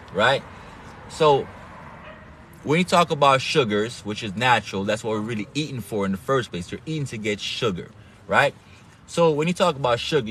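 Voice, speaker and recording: A man's voice: mid-range voice, fairly bright tone. Man, accented, swearing lecturer, casual preachy monologue, faint noise behind. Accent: non-standard English accent. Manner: profane, emphatic, lecturing, repeats words. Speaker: online health talk host.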